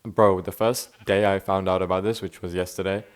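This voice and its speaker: This is a young man in an unscripted vlog, speaking in a relaxed, self-reflective way. His voice sits a little low. He talks loosely and restarts his sentences often. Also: a little fast, clean tone. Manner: laid-back, self-reflective, says bro and man a lot, frequent restarts. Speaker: vlogger. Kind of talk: unscripted casual monologue.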